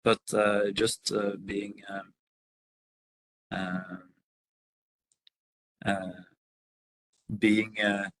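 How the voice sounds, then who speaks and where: A man's voice: on the low side, flat delivery, extremely slow, pauses often, dry recording, low-quality recording. A man on a video call answering a workshop question, hesitant with many fillers and restarts. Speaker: workshop panelist.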